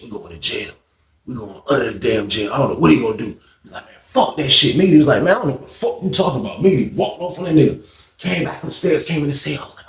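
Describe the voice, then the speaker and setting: Talking fast in a mid-range voice in an echoey room, a channel host and storyteller relates a prison story storytime-style, animated, profane, and acting out what other people said.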